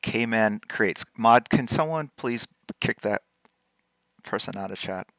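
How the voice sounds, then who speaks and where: Unhurried male stream host, low-ish voice, dry close sound, playful chat while drawing. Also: lively intonation, creaky, no echo. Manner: playful, teasing, reacting to chat out loud; repeats words to practice pronouncing them. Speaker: artist hosting a live drawing stream.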